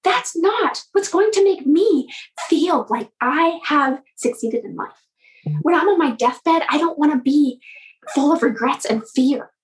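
High-voiced woman telling a motivational story. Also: a little slow, poor audio. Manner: animated, repeats words while telling a story.

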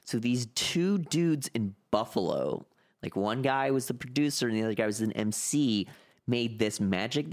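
A man with a Western New York accent, telling a story in casual podcast chat, full of filler words. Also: medium pitch.

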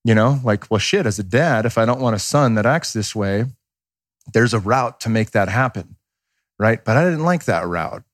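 A man in his thirties talks in a casual podcast chat with a fairly low voice. He is candid and rambling, swears freely and acts out what people said. The sound is dry and close to the mic. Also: lively intonation, moderate pace, no room sound. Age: 30s. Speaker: podcast guest.

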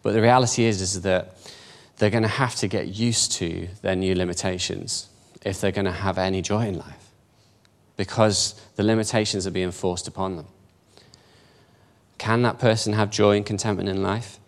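With a deep voice, steady tone and moderate pace, a church speaker in his fifties gives a conversational, informal talk. He pokes fun at himself and asks his listeners questions.

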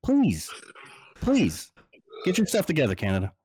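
A man on a sports panel show, talking casually and ranting in an exasperated, animated way. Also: fairly high pitch, normal speed, husky, no room sound.

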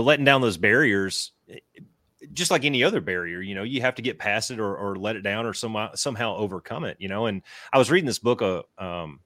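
Low-voiced easygoing man chatting. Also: a bit bright, dry recording, clean studio sound. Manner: easygoing, reflective, says "you know" a lot. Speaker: podcast guest. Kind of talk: casual chat.

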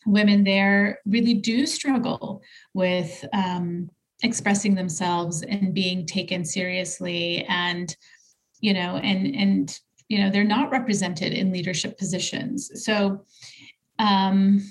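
A woman from the United States, a leadership coach appearing as a guest in a conversational interview, speaks thoughtfully with frequent fillers and restarts. Her voice is medium-pitched, flat, and slow.

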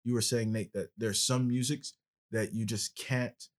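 A man's voice: medium pitch, steady tone, a little slow. A male podcast host in casual conversation, explaining at length with passion.

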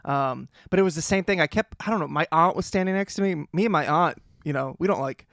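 A young man co-hosting a podcast, telling stories in a lively way and laughing often. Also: a little high, fast talker, dry recording, clean studio sound. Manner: animated storytelling with laughs. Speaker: podcast co-host. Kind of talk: casual chat.

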